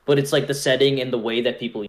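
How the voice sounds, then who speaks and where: A man's voice: medium pitch, fairly even intonation, quick pace. A man co-hosting a casual podcast chat, easygoing and asking questions. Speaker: podcast co-host.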